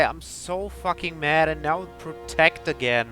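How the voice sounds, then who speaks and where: A man's voice: a little high, unhurried, few pauses, bright, forceful tone, soft background music. A young man giving game commentary, complaining angrily and swearing at his opponent. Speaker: gaming commentator.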